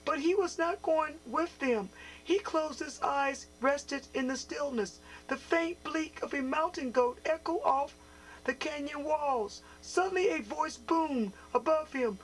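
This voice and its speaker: Brief: friendly puppet storyteller for kids, very high voice, played by a woman. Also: unhurried, a little hiss or hum, low-quality recording. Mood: storytelling. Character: male puppet host, friendly storybook reader. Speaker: children's show host. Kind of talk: reading a picture book aloud to children.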